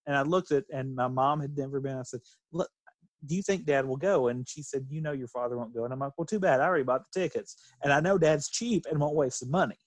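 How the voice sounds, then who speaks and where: A man's voice: mid-range voice, quick pace, no echo. A middle-aged man from Kentucky telling a family story in casual chat, rambling and laughing as he goes. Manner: rambling, restarts and laughs while telling stories.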